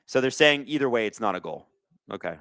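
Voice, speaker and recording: Animated young-sounding male stream host. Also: medium pitch, brisk, clean tone, no echo. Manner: chatty, thanks viewers, calls plays. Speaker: live watch-along host. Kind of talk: casual live-stream hockey commentary.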